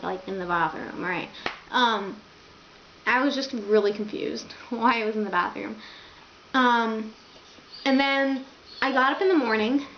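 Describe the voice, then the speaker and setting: A young woman tells a casual storytime, rambling and full of "like" and "um". Her voice sits a little high, and the room rings with echo. The recording sounds a bit dull, with a faint hiss of ambience underneath. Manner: rambling, filler-heavy, lots of "like". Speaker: vlogger. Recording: echoey, slightly dull home recording.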